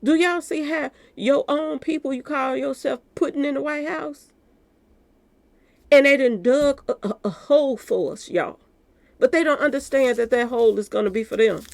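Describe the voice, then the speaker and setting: Gravelly woman chatting to viewers. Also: high-pitched, normal speed, a little mellow, no room sound. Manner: talks straight to viewers, repeating "y'all". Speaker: commentary channel host. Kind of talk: casual commentary to viewers.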